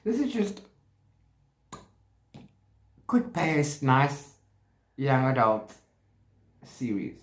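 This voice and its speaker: A book vlogger chats casually about his reading in a medium-pitched, sing-song voice, speaking extremely slowly and pausing often. He frequently corrects himself mid-sentence, and the recording has a roomy echo.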